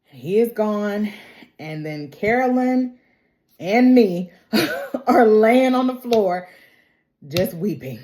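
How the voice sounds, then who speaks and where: A woman's voice: medium pitch, animated, slow, long pauses, darkish tone. A woman talking to camera in a casual, emotional recap of a TV drama episode, chatty, with frequent "like" and "y'all". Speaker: TV episode reviewer.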